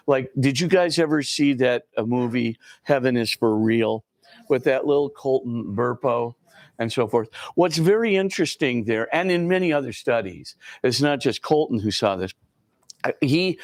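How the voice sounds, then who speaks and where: A priest giving an informal lecture to a class, talking conversationally with many fillers and acting out quoted dialogue. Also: male voice, medium pitch, dry recording, studio quality.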